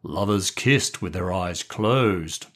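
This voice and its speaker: A man voicing a pompous older male colonel who speaks in a lordly, drawn-out way, with a husky voice. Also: low voice, fairly bright tone, full character voice. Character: old male country colonel, pompous, fond of chuckling.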